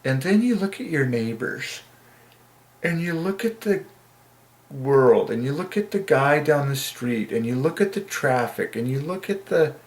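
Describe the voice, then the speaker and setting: A man's voice: medium pitch, expressive, measured pace. A man giving a casual, earnest reflection on the Bible, rambling and candid, often laughing and saying "like.". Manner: earnest, emotional. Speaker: Christian video maker.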